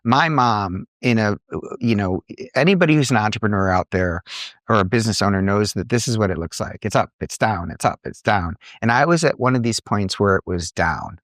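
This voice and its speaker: A middle-aged man, an entrepreneur and coach, telling earnest, animated stories in a podcast conversation. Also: fairly low pitch, fairly quick, dry recording, studio quality. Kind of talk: conversational storytelling.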